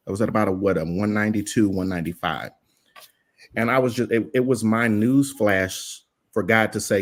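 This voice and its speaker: A man with a low, grounded voice speaks earnestly in casual radio chat. He tells his story plainly, with the odd pause and restart.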